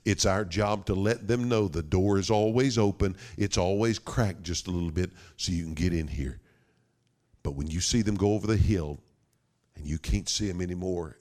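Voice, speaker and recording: Dramatic preacher with a low voice. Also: male voice, a little mellow. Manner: dramatic, with sudden drops to a whisper and slowed emphasis. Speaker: pastor. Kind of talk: sermon.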